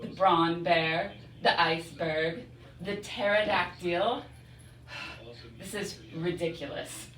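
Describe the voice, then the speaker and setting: A woman's voice: on the low side, slow pace, fairly bright tone, a little hiss or hum. A woman playing an exasperated rival animal activist in a comedy skit. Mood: indignant. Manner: exasperated, complaining. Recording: echoey room from far off.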